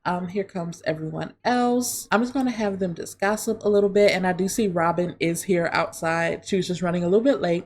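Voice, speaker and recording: Chatty woman narrating her gameplay. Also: medium pitch. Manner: chatty, talks to viewers, narrates game. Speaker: let's play host. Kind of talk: casual gameplay commentary.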